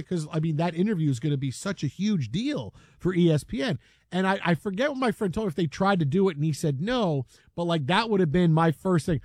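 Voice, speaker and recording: A man's voice: high-pitched, expressive, fast, no echo, studio quality. A man hosting a sports talk show who tells stories casually and animatedly, acting out the people he quotes. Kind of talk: casual storytelling.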